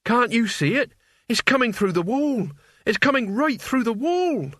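A man's voice: big pitch swings, a little slow, fairly bright tone, dry recording, clean studio sound, full character voice. A man voicing a frightened young man whose voice trembles with urgency. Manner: trembling, urgent, rising to shrill.

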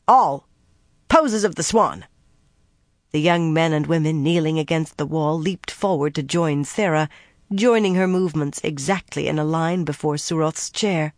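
An audiobook narrator reading fantasy prose in an even, steady way. The voice is close and completely dry, with nothing behind it. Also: mid-range voice, no room sound.

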